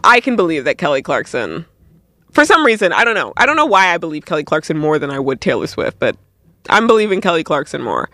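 Animated high-voiced young man. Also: fast talker, dry recording, clean studio sound. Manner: animated, laughs often, self-interrupting. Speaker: music video reviewer. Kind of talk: casual commentary.

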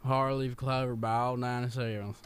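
A man playing a dim, eager young football recruit in an improvised comedy sketch, drawling slowly with broken country grammar. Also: mid-range voice, little pitch movement, clear, resonant tone, natural voice. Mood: dopey.

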